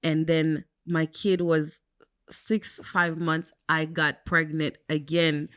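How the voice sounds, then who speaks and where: A young woman with a notably low voice talks openly and reflectively as a podcast co-host. Her speech is loose and casual, full of "um" and "like." The recording is dry and close, with no room sound. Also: little pitch movement, slow pace, a bit bright, clear, resonant tone, no echo. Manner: candid, reflective, fillers like "um" and "like". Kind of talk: casual chat.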